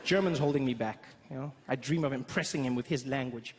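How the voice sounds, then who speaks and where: A man in his thirties doing animated stand-up storytelling on a large theater stage. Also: medium pitch, a little fast. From South Africa. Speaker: stand-up comedian. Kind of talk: stand-up routine. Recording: loud noisy live stage recording.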